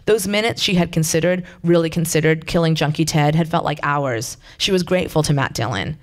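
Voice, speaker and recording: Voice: medium pitch, brisk. Plain voice reading fiction aloud. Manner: plain, conversational reading with brief asides. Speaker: reader.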